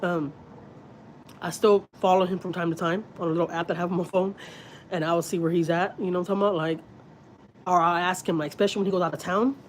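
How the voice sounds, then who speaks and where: A woman's voice: fairly low pitch, a little hiss or hum, low-quality recording. A woman, chatting candidly and at length with viewers on a livestream from her home. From Houston, Texas. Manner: candid, rambling, confiding. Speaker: family vlogger on a livestream. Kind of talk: casual livestream chat.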